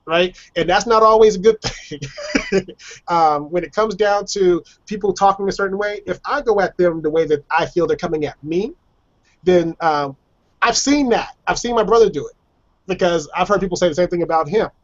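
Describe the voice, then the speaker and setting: Brief: fairly high-pitched male guest, chatty storyteller who laughs a lot, muffled video call sound. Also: normal speed. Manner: chatty, laughs often, acts out voices of others. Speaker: guest telling personal stories. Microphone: video call microphone.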